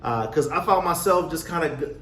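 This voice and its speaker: A man coaching on real estate wholesaling in a casual motivational talk, acting out his own past with lively energy. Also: a little high, brisk. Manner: animated storyteller, acts out his younger self. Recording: echoey room, faint background noise.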